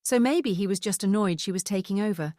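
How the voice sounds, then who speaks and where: A woman narrating an audiobook in a steady, even scripted reading. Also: mid-range voice, fairly quick, no echo, studio quality.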